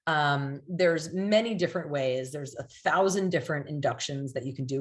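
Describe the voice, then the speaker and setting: A woman's voice: sits low, a little fast, few pauses. A woman teaching hypnosis in a chatty, casual way, with many "like"s and "right?"s, sometimes acting out a client or a soothing hypnotist line. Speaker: hypnosis coach.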